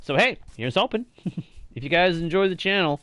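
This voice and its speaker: A man's voice: high-pitched, animated, normal speed, a bit bright, no echo. A man with a slightly nasal voice, chatting casually with viewers while live-streaming a game, thanking them often and laughing easily.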